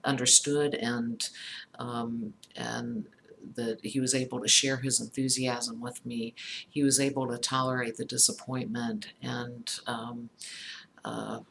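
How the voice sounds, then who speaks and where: A middle-aged woman speaking slowly and thoughtfully. She recounts a personal story and often pauses with fillers and restarts. A faint hum of room ambience sits behind her. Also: very deep voice, little pitch movement, creaky, a bit bright. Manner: halting, many fillers and restarts. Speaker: psychologist talking about empathy.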